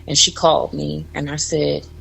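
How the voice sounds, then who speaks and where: A woman's voice: low-pitched, completely flat delivery, moderate pace, creaky, fairly bright tone, breathy edge, rough recording. A woman in her forties, a guest in a radio studio, telling a heartfelt story about motherhood while holding back tears. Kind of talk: emotional personal story.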